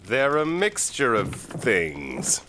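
A man's voice: medium pitch, wildly swooping pitch, slow pace, pushed and bright, a little hiss or hum. A man riffing comedically on a video game with crude jokes and dry punchlines. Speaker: game commentator. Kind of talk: comedic let's-play riffing.

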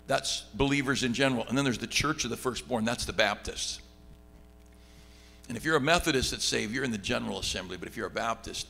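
A middle-aged pastor teaching a Bible study, reading scripture aloud and swinging from loud excitement to quiet asides. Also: male voice, on the low side, creaky. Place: church sanctuary. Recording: long hall reverb, faint background hum.

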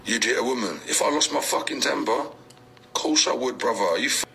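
Guy ranting in a clip, real sharp bright voice, threatening, faint noise behind. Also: medium pitch, brisk, creaky, poor audio. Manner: aggressive, threatening, slangy. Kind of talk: TikTok video rant.

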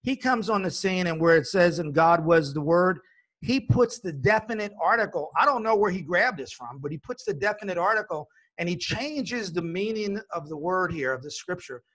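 A man with a slightly raised pitch leads a discussion as host and presses his guest with earnest, probing questions. He talks in a steady, direct way. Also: moderate pace, hardly any pauses. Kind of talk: hosting a religious discussion.

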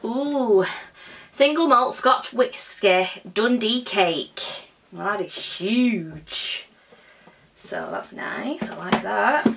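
A woman's voice: fairly high pitch, vocal fry, pushed and bright. Bubbly young woman chatting, a bit far from the mic. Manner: bubbly and chatty, with drawn-out exclamations. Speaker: beauty vlogger. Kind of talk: casual unboxing chat.

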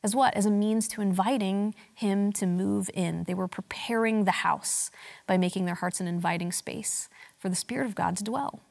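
A woman's voice: medium pitch, fairly even intonation, normal speed, gravelly, a little mellow. Woman preaching a conversational sermon. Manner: conversational, self-deprecating humor, frequent restarts. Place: church sanctuary.

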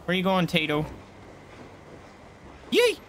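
Excitable man yelping through a boss fight. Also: medium pitch, moderate pace, music in the background. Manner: excitable, yelps and swears mid-fight. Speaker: gaming streamer. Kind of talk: live gameplay commentary.

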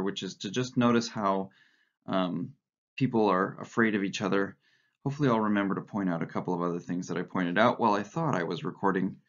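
A low-voiced male teacher reads a novel aloud for his class, now and then tripping over words and correcting himself. The audio is dull and lo-fi, like a recording made at home. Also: a bit bright. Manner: frequent stumbles and self-corrections. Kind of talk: reading a novel aloud to students.

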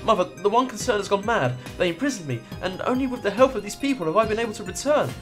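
A man's voice: high voice, expressive, fast talker, a bit bright, soft background music, voice pushed up. A man reading the lines of an anxious young noble son, flustered and pleading.

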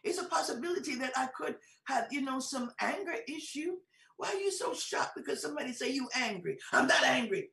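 A middle-aged woman bishop preaches with fervour, her fairly high voice carrying a gravelly edge. She moves from talky asides into shouted exhortations. The sound is roomy and set back from the mic, as in a large hall. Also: lively intonation, brisk. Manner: fervent, rising to shouts, conversational asides. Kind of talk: sermon. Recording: echoey hall, from far off.

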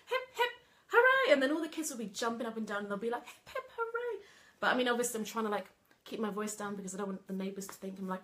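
A woman with a fairly high voice chats away to her live stream viewers as a coach. She is lively and bubbly, and she scatters casual fillers through her talk. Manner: lively, chatty, full of "like" and "you know". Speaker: coach running an online program.

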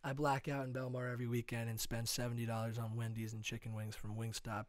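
Fast-talking, profane young male podcaster. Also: mid-range voice, completely flat delivery, dry recording. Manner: rapid, profane riffing. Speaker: podcast co-host. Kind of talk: casual chat.

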